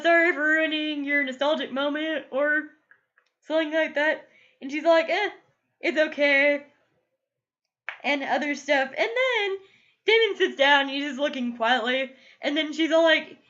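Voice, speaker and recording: A woman's voice: high voice, bright, forceful tone, highs cut off. A woman gushing casually through a TV episode review, emotional and full of "like" fillers. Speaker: TV show reviewer. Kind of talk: casual solo review vlog.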